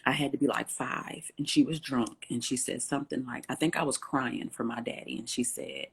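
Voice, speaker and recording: A woman guest in an interview, telling a personal story with lively, acted-out dialogue. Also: extremely low pitch, normal speed, gravelly, few pauses, husky. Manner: animated storyteller, acts out quoted dialogue.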